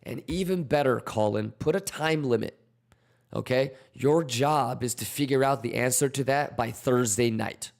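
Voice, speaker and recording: A man's voice: medium pitch, moderate pace, creaky. A man hosting a trading livestream, reading viewer questions aloud and coaching them in a casual, slangy way with many fillers. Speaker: crypto trading livestream host. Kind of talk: livestream chat reading and market commentary.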